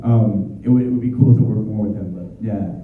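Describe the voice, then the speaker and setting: A man, a voice actor, answering fan questions at a convention in an excitable, energetic, chatty way. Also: fairly low pitch, brisk. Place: convention hall. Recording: dull, distant, very echoey hall.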